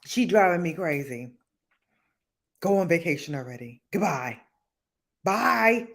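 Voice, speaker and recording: Lively woman w a black telling stories on a stream, voice jumps all over, laughs a lot. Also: fairly low pitch, a little slow. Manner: animated, laughing, acts out quotes in voices. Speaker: livestream host. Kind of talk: casual storytime chat.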